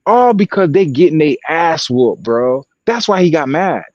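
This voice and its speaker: A podcast co-host, who also works as a sideline broadcaster, tells a long, profane story in casual chat, animated and full of acted quotes. His voice is on the high side at a normal speed, with no echo but the highs cut off.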